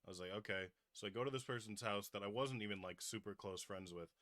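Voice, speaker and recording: A young adult man with a fairly low, bright voice rambles easily through a story on a podcast. His delivery is laid-back and full of loose asides. The sound is dry and close, with no room echo. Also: quick pace. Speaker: podcast host. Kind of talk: casual chat.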